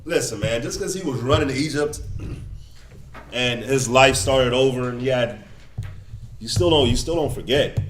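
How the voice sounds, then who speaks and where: A man leading a relaxed Bible study, telling the story with animated energy and putting on quick voices. His mid-range voice sits in a roomy, echoey space. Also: medium pitch, a little hiss or hum. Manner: animated storyteller, acts out quotes, laughs often. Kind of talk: casual Bible study discussion. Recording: roomy echo.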